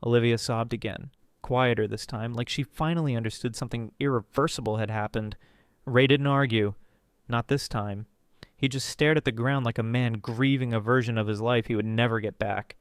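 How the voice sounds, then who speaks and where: A man's voice: mid-range voice, fairly even intonation, normal speed, clean tone, dry recording, clean studio sound. A man narrating a first-person drama story, reading dramatically and jumping into characters' voices.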